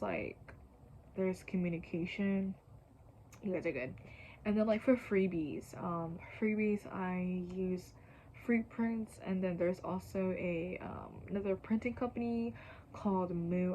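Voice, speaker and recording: A young woman talks through a casual how-to vlog at a middle pitch. Her delivery is chatty and full of fillers, and she often slips into a soft whisper. She sounds slightly out of breath, with faint noise behind her. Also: highs cut off. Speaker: YouTuber.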